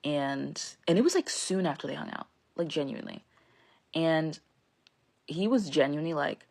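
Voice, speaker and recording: A woman's voice: low-pitched, lively intonation, normal speed, creaky, darkish tone. A young woman telling a casual storytime into her phone, rambling with lots of fillers and frequent swearing.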